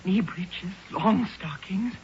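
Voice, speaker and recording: An actress playing a timid spinster cousin in a radio drama, breathless and pleading, on a dull old broadcast with faint hiss. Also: female voice, medium pitch, takes it slowly, darkish tone. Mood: frightened. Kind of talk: 1970s radio drama acting.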